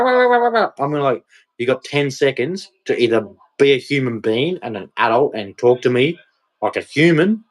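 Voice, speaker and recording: A man's voice: mid-range voice, poor audio. Blunt, profane Australian man ranting. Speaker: vlogger. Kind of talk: ranting monologue to camera.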